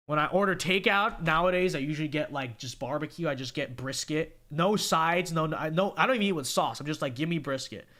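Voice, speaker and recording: A man's voice: fairly high pitch, bright, forceful tone. A young man from California hosting a casual livestream, reading viewer chat and answering it in an emphatic way, often tagging "okay?" onto his points.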